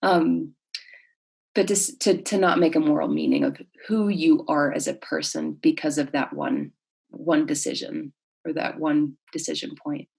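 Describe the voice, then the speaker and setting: A woman counselor explaining her work in a conversational interview, thoughtful and halting, with many fillers and restarts. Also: low-pitched, steady tone, vocal fry, darkish tone, slightly rough.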